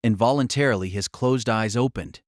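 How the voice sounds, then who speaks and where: A man narrating a light novel audiobook in an expressive storytelling manner. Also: mid-range voice, normal speed, no room sound, clean studio sound.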